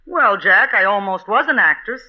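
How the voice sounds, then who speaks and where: A woman playing a droll, flirty, deep-voiced woman in a 1940s radio comedy. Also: expressive, normal speed, natural voice. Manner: dry, drawling delivery. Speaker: guest actress. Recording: dull old radio broadcast.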